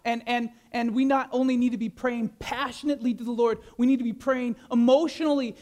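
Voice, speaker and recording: A man pastor preaching a sermon, animated, with many rhetorical questions and repeated words. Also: very high-pitched, fairly quick.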